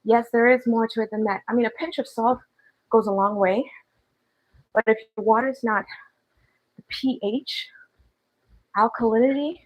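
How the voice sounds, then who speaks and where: Woman walking on a treadmill and chatting to her live chat, bit breathy from the walk, voice on the higher side. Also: moderate pace, pauses often, poor audio. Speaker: fitness vlogger. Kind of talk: casual livestream chat while walking on a treadmill.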